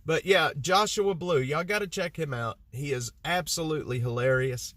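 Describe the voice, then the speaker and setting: A man's voice: a little high, normal speed, a bit bright, dry recording. A man from Texas, chatting casually to his live-stream audience, rambling and poking fun at himself. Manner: rambling, self-mocking, talks to chat. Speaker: livestreamer.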